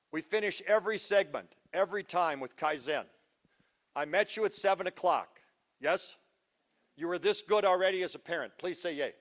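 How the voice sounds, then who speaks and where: Goofy, joking man on stage. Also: a little high. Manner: joking, goofy, energetic, teasing the crowd. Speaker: parenting seminar speaker. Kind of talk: live motivational talk to an audience. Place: school event before a live audience.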